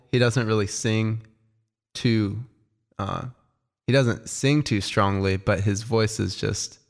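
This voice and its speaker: Gravelly low-voiced man chatting about music. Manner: enthusiastic but halting, with many ums. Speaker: music review co-host. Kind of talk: casual album review chat.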